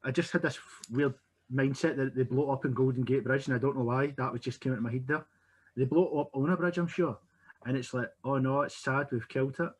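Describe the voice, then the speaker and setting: A man's voice: medium pitch, fast talker, slightly rough. A man co-hosting a casual film chat, meandering and questioning himself as he talks. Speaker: podcast co-host.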